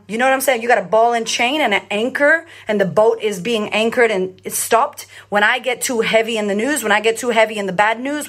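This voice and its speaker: A woman's voice: medium pitch, a bit bright. A woman who hosts and coaches on confidence, speaking bluntly and emphatically in a casual live-stream talk, repeating herself and swearing often.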